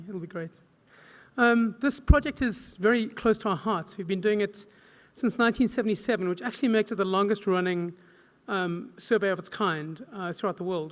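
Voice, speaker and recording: A man giving a relaxed, halting welcome speech as a magazine editor at an awards event. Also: high-pitched, in a large hall. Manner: relaxed, halting, with many fillers and restarts.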